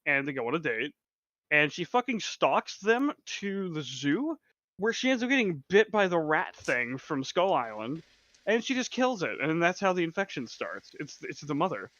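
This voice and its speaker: Co-host, male, loose and profane, chuckling through a casual chat; pitched a touch high, muffled dry recording. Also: very animated, normal speed, a bit bright, no room sound. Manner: swears a lot, laughs often. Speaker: podcast co-host. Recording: dull, lo-fi and dry.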